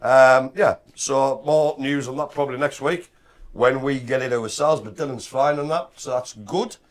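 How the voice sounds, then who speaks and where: A man's voice: medium pitch, moderate pace. A man co-hosting a casual live stream, bantering and joking. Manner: jokey, lively banter. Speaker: co-host.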